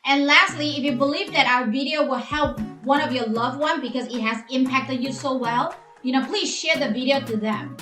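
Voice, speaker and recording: A woman's voice: high voice, normal speed, hardly any pauses, a bit bright, echoey room, soft background music. A woman from Asia with a Chinese accent, earnestly giving marriage advice as co-host, filling her talk with "you know". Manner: earnest, heavy use of "you know" fillers.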